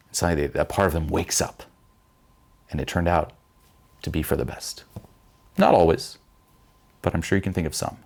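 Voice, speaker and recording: A young man giving blunt, profane self-help advice, mimicking panicked voices in a higher pitch. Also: darkish tone. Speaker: vlogger giving life advice. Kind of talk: direct-to-camera self-help talk.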